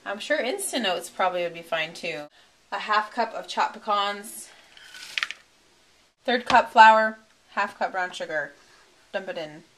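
A woman's voice: mid-range voice, animated, a little slow, pauses often, pushed and bright, slight background noise. A woman hosting a home cooking demonstration in her kitchen, chatty and giggly, poking fun at herself as she works. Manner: chatty, giggly, self-deprecating. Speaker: cooking show host.

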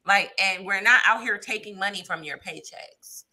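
A young woman talking casually as an interview guest, animated, hesitant with fillers, jumping up in pitch when she acts out what others said. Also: moderate pace. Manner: animated, acts out quoted lines with big pitch jumps; frequent fillers, hesitant restarts. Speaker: guest panelist.

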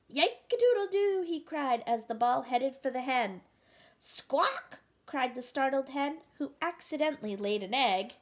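Slow, gentle woman reading a picture book. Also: a little high. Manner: gentle, asks the listener questions. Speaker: storybook reader.

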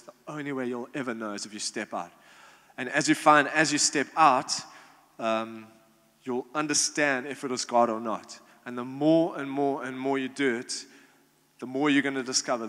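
A man's voice: medium pitch, steady tone, normal speed, bright, forceful tone. A young adult man in a youth group, answering questions in a casual, informal way with lots of fillers and restarts. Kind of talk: casual Q&A talk. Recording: long hall reverb.

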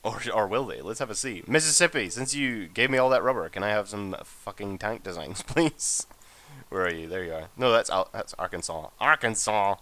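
A young man giving casual, profane, joking commentary as he plays a strategy game, excitable and jumping into high-pitched outbursts. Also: normal speed. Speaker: gamer and channel host.

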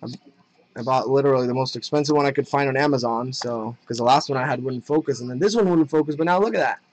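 A young man chatting casually while opening trading card packs on a live break, excited at the hits and muttering asides. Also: medium pitch, fast talker, low-quality recording.

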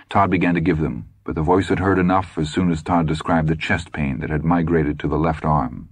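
A man narrating an audiobook in a measured, tense storytelling manner. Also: very deep voice, steady tone, slightly rough, dry recording.

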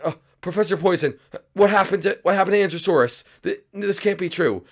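A man's voice: sits high, brisk, pitched above the performer's own voice. A man voicing a timid, whiny young male sidekick who pleads anxiously, for a game roleplay. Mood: pleading.

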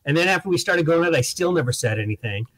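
Man telling stories, voice pitched up. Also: fast talker. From Boston. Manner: animated anecdote-telling, acts out quoted voices. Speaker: guest comedian. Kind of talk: podcast storytelling.

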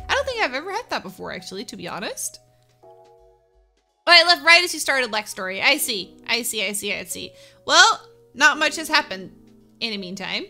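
A woman's voice: sits high, sing-song, a little fast, bright, forceful tone, soft background music. A woman streamer chatting casually with her live viewers, upbeat, laughing often and answering them by name.

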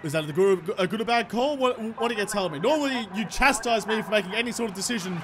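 A young man giving excitable, swearing commentary over a cricket video game he is playing. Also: high voice, fast talker, a crowd in the background. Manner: excitable, swears freely, talks to his player. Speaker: gaming YouTuber. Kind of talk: gameplay commentary.

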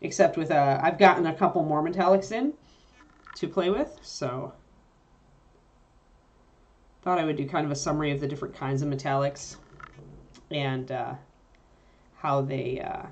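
A woman with a low voice talks through a painting lesson as she works. She chats easily, often pausing on fillers to think while she mixes colors at her painting desk. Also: darkish tone, dull audio. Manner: chatty, thinks aloud with fillers while working. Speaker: miniature painting instructor. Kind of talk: casual painting tutorial.

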